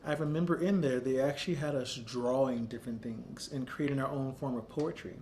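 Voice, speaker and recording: A man in his thirties tells a personal story in an earnest, reflective way. His voice sits at a middle pitch, and he talks steadily and thoughtfully. A faint low rumble hums behind him. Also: a little fast, darkish tone. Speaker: founder of an arts center.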